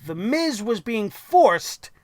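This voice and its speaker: A man's voice: high-pitched, very animated, slow, a little mellow, no echo. A man hosting a wrestling review show, ranting angrily and sarcastically with lots of profanity.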